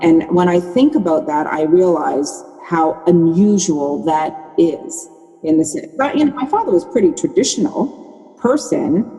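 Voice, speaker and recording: A woman's voice: on the low side, dark tone, long reverb tail, rough recording. A woman in her sixties, a podcast guest, telling her story candidly and often restarting her sentences. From Canada. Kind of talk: conversational podcast interview.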